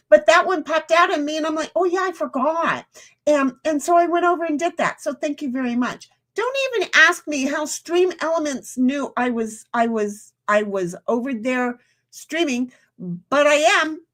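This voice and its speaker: Casual streamer woman, high voice, rambling chat, reads comments out, eats while talking. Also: a bit bright. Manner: talks while eating.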